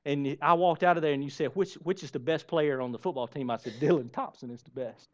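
A man's voice: on the high side, a little fast, darkish tone. A man preaching a sermon, emphatic and storytelling, repeating phrases for effect. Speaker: pastor. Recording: dull lo-fi sermon recording.

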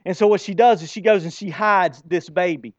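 High-voiced preaching man, dull recording. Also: a little fast, no room sound. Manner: swings between soft and loud, emphatic storytelling. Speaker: pastor. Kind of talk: sermon. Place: church.

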